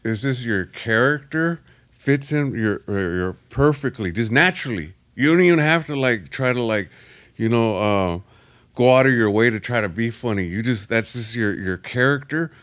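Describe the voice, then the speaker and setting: A man's voice: medium pitch, animated, moderate pace, fairly bright tone. A male podcast host, laid-back and encouraging, using slang in casual chat.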